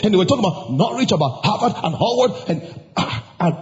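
A man preaching a sermon as pastor, emphatic and now and then shouting or singing out lines. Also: high-pitched, lively intonation, quick pace, few pauses. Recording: dull sound with long hall reverb.

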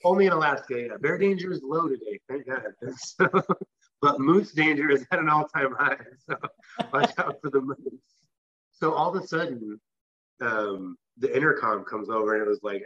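A man's voice: mid-range voice, moderate pace, bright, forceful tone, breathy edge, lo-fi sound. A man from the West Coast of the US, a guest telling a long personal story in a casual, rambling way with restarts. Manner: rambling, with restarts and filler phrases. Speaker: interview guest.

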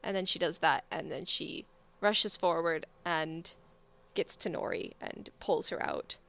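A young woman chatting casually, quickly retelling scenes and acting out the lines. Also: low voice, vocal fry, bright, forceful tone. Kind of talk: casual recap chat.

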